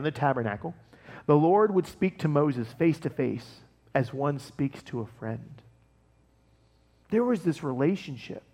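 A male pastor giving a casual, conversational sermon, animated and laughing often as he tells stories. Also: a little high, big-room sound.

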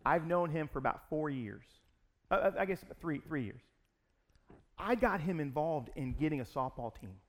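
A pastor telling a personal story in a sermon, in an animated, conversational way. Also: male voice, on the high side, normal speed.

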